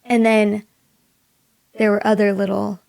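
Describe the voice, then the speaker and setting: A young woman from Maui tells a personal story as a guest in an interview. Her voice carries a strong gravelly fry, and she speaks softly, often slipping into a near-whisper for quoted thoughts. The sound is dry and close, with no room around it. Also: medium pitch, flat delivery, a little slow, dry recording. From Maui, Hawaii. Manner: soft-spoken, drops to a hush for quoted thoughts. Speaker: singer-songwriter guest.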